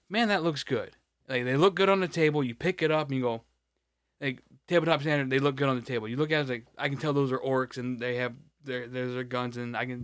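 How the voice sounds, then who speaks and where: A man's voice: medium pitch, fairly bright tone, smooth, dry recording. Profane rambling man, dry sound. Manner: rambling, profane, many restarts. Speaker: podcast co-host. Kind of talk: casual chat.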